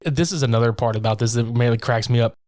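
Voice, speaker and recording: A man's voice: medium pitch, fast talker, darkish tone. A man co-hosting a podcast, casually recapping a horror film, swearing often, laughing and acting out its lines. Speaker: podcast co-host. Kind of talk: casual movie recap chat.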